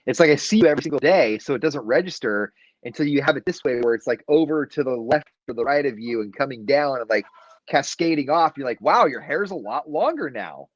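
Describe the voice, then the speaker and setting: A man co-hosting a radio show, chiming in with quick reactions and asides in casual banter. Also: medium pitch, dry recording. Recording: dull, dry lo-fi audio.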